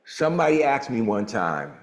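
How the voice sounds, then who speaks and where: A man in his sixties hosting a motivational group on a video call, talking with a lively preacher-like cadence. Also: normal speed, echoey room. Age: 60s. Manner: animated preacher-like cadence, swoops in pitch. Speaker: mastermind group host.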